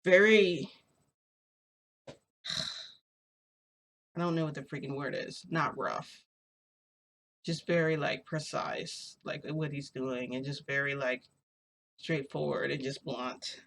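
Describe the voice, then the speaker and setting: A woman's voice: low-pitched, fairly even intonation, takes it slowly, creaky, long pauses, a bit bright, slight background noise. A young adult woman telling a story as a casual vlogger. She rambles, hesitates and fills her speech with "like". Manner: rambling, filler-heavy, hesitant.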